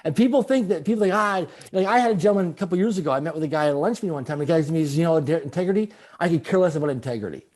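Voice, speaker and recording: Middle-aged man, guest storyteller, brighter higher voice, animated, leans on repetition. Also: rapid-fire, few pauses. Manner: animated, repeats phrases for emphasis. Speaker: guest speaker. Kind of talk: storytelling in a conversational interview.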